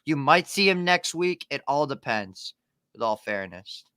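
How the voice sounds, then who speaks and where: Cocky, bright-voiced man on a video call. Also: mid-range voice, very animated, measured pace, clean tone, no room sound, clean studio sound. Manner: cocky, brutally frank. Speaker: guest sports content creator. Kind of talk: casual sports chat. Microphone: webcam on a video call.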